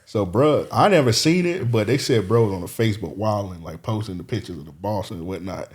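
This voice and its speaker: A man's voice: lowish voice, animated, fairly quick, husky. A man co-hosting a casual podcast, telling a long story full of "like" and laughing as he goes. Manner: storytelling, laughing, heavy use of "like". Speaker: podcast co-host. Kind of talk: casual chat.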